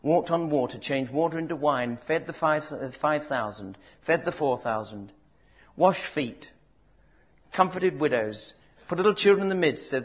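A man preaching a sermon, swinging from loud emphatic declarations to soft, drawn-out words. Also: fairly high pitch, expressive. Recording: dull lo-fi sound.

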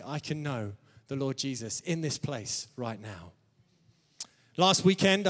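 Male preacher, higher-pitched, sermon delivery, laughs between phrases, church hall reverb. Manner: calls out amen to the congregation.

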